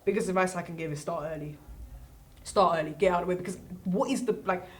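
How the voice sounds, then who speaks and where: A woman's voice: lowish voice, fast. A teenage girl, a student guest, giving emphatic advice in casual chat, repeating her points and asking rhetorical questions. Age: late teens.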